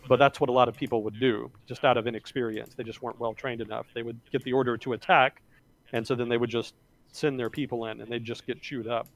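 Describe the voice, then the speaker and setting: A man hosting a livestream, talking casually about history, rambling and correcting himself as he thinks aloud. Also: medium pitch. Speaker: livestream host.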